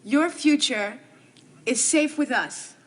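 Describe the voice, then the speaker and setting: An actress playing a quick-tongued pregnant young woman in a 1970s TV soap opera, talking in a wry, sardonic way. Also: high-pitched.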